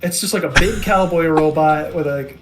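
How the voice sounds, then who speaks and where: A man's voice: a little high, moderate pace, music in the background. A man in his thirties, a podcast co-host in casual chat, enthusiastic and rambling with many restarts. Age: 30s.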